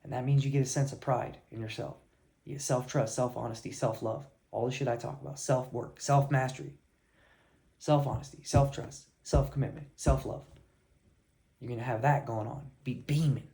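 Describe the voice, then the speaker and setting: Blunt, swearing man with a mellow voice. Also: mid-range voice, steady tone, moderate pace, gravelly. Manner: blunt, heavy swearing, fired up. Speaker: life coach. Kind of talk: motivational tough-love rant.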